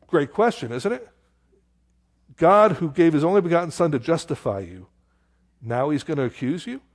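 Animated pastor preaching. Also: male voice, on the high side, moderate pace. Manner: animated and conversational, rhetorical questions, exclaims "how stupid". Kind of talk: expository sermon.

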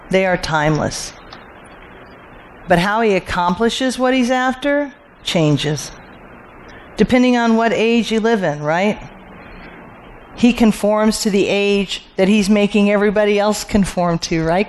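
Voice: medium pitch, a little hiss or hum. A Bible teacher working through scripture verse by verse, asking rhetorical questions, answering them, and repeating key phrases for emphasis.

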